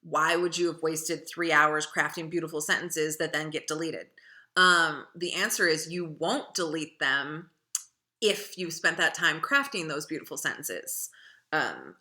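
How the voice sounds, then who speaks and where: Chatty woman teacher with a bright voice. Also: deep voice. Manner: chatty, digressive, many fillers. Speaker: writing instructor. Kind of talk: casual lecture.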